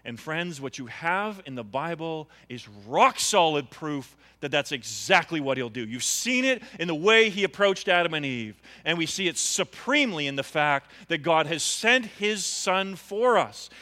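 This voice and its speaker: Brief: pastor, male, earnest and bright-toned, sermon in a church with long reverb. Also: fairly high pitch, lively intonation, moderate pace, few pauses. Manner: earnest, pleading, rising to impassioned appeals.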